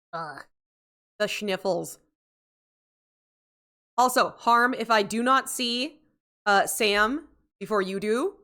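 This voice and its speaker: Streaming a game in a relaxed livestream, a woman with a medium pitch and fairly bright tone wanders from topic to topic and keeps interrupting herself. She yawns, sounds sleepy, laughs a lot, and chats with the people in her chat.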